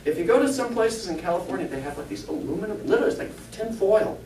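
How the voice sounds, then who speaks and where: A spiritualist minister and medium gives an informal, chatty, humorous talk to a congregation in a church hall, often putting questions to the audience. His voice is high, animated, quick and a little mellow. A distant mic picks up echoey church acoustics and slight background noise.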